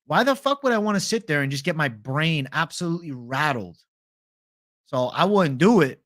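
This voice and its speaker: A man's voice: fairly high pitch, expressive, normal speed, a bit bright. A young man hosting a casual livestream, swearing freely and reading viewer chat aloud. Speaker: livestream host.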